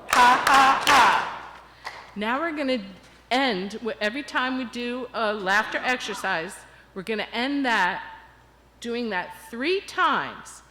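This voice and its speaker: An older woman guest speaker leading a congregation in laughter exercises, animated and coaxing. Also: high voice, noisy background. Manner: animated, coaxing, bursts into cheering and chanting. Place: church sanctuary. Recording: long hall reverb.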